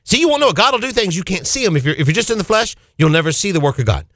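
A man's voice: high-pitched, big pitch swings, rapid-fire, fairly bright tone. A man hosting a radio show, preaching fervently with exclamations and rhetorical questions.

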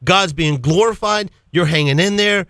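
Male radio preacher host, fervent, exclamatory, fairly high voice, dry close sound. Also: moderate pace, fairly bright tone, no echo. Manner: fervent, exclamatory, rhetorical questions.

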